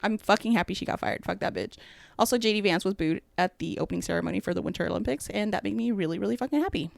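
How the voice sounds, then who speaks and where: Gravelly, blunt, profane woman podcaster. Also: medium pitch, rapid-fire, no echo. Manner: blunt, profane, sarcastic, laughs between points. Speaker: podcast host. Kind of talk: casual solo podcast rant.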